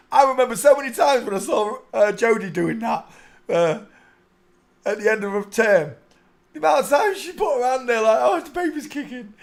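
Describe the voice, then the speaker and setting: A man hosting a live stream, mocking photos he is looking at and often breaking into giggles. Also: high-pitched. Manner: mocking, bursts into giggling laughter. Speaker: streaming channel host. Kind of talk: comedic live-stream commentary.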